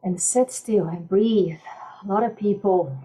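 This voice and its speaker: A woman life coach speaking gently and soothingly in a podcast interview, softly repeating calming mantras. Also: mid-range voice, a little slow, rough recording.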